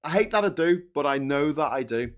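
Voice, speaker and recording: A man's voice: a little high, expressive, fairly quick. A man with a Liverpool accent hosting a live-stream political chat, ranting with stammering restarts and swearing. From England. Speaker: livestream host.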